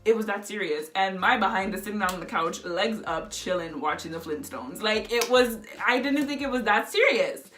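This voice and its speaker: A woman's voice: mid-range voice, expressive, moderate pace, hardly any pauses, fairly bright tone, faint music behind. A young woman vlogger telling a childhood story in a chatty, filler-heavy way. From Indo-Caribbean family. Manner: chatty, lots of "like" and "you know". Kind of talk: casual storytelling.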